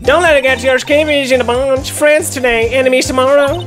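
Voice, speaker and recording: Woman putting on a southern drawl, brash cheeky photographer lady, folksy, high voice, faint music behind. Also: fairly even intonation, a little fast, natural voice. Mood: sassy. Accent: put-on Southern US.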